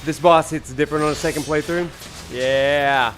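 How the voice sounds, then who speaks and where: A man's voice: on the high side, fairly even intonation, moderate pace, a bit bright. A man with a Southern US drawl hosting a live gameplay stream, greeting chat viewers with enthusiasm. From Alabama, USA. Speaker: streamer and professor. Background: faint game music.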